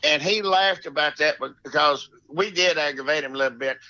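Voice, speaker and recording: A middle-aged man with a thick Alabama drawl, his voice very bright and sharp-edged, telling rambling country stories with plenty of cussing. The sound is dry and a little dull and lo-fi. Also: fairly high pitch, fairly quick, no room sound. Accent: Alabama Southern. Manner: rambling, salty country storytelling with frequent laughs. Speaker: guest, golf professional. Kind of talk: casual podcast storytelling.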